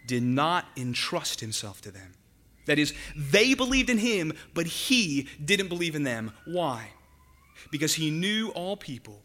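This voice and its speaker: A man preaching a sermon to his congregation, earnest and emphatic, slowing down and dropping his voice on the words he wants to stress. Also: fairly high pitch. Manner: earnest, emphatic, slows and drops to a hush for key words. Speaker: pastor.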